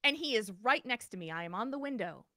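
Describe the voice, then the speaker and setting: Bright-voiced woman telling a story. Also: fairly high pitch, fast talker, no echo, clean studio sound. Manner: animated, vivid retelling with many restarts. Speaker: podcast co-host. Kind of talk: casual storytelling.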